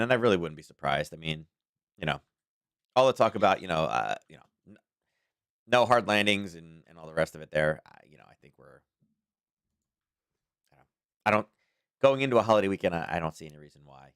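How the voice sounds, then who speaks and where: A man's voice: sits low, fairly bright tone, no room sound, studio quality. A man hosting a casual daily market commentary stream, talking in a rambling, chatty way with frequent chuckles.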